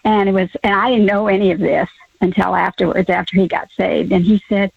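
Older woman calling in, gravelly voice. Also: mid-range voice, flat delivery, brisk, no room sound. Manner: hesitant, many ums, laughs softly. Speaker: caller. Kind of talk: telling a personal story on a call-in show. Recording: muffled phone line.

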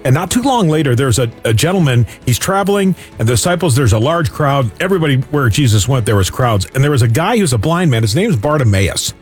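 Radio fundraiser guy telling bible stories, really lively voice, does the shouting bits, quiet music behind. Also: mid-range voice, fast, few pauses. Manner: animated, acts out shouts and hushes in his stories. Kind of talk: on-air fundraising appeal with Bible storytelling.

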